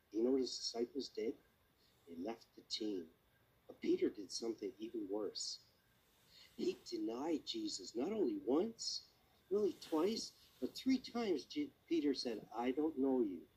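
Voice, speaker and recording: Husky man telling a children's sermon. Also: medium pitch, rough recording. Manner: animated, asks listeners questions.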